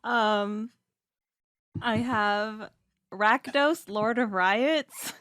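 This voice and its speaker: A woman's voice: a little high, extremely slow, a bit bright, no room sound, clean studio sound. A woman who works behind the scenes on a podcast, chatting hesitantly and giggling as she reads out names. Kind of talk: casual chat.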